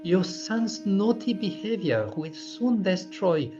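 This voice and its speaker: A man reading aloud gives the long complaint of exasperated village women in his own steady voice. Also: high voice, slow pace, exaggerated voice. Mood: complaining. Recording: dull lo-fi recording with faint music.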